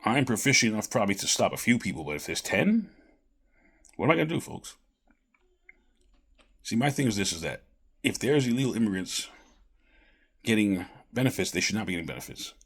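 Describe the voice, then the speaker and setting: A man's voice: on the low side, sing-song, fairly quick, pauses often, breathy edge. A man giving rambling casual political commentary straight to camera, calling his viewers folks. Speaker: vlogger.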